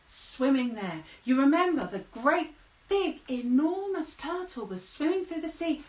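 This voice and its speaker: A woman telling a story live to children in a playful, animated way, with sound effects and calls to join in. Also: high-pitched, unhurried. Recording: roomy echo.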